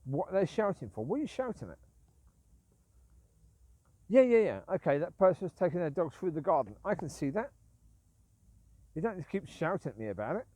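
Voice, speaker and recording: A man with a slightly high voice rambles through a casual vlog monologue. He sounds aggrieved and keeps justifying himself, looping back to the same points. The sound is dry, with little room around it. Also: very animated, a little fast, mellow, dry recording. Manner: repetitive, aggrieved, self-justifying. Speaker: vlogger.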